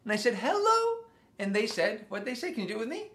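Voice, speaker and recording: A man's voice: high-pitched, sing-song. Sing-song man talking to little kids. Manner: talks slowly and simply to small children, asking them questions. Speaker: children's music teacher and host. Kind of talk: children's sing-along lesson. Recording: loud background noise.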